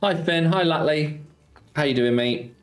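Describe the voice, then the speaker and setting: Chatting casually on a live stream while playing casino slots, a man calls out viewers by name and jokes about football. He speaks unhurriedly in a slightly high voice.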